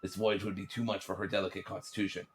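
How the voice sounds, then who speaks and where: A man in a put-on pirate accent voicing a solemn old-time pirate captain as he reads journal entries aloud in a low, formal way. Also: little pitch movement, close to an everyday voice. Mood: grave. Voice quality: low, measured and grandly formal.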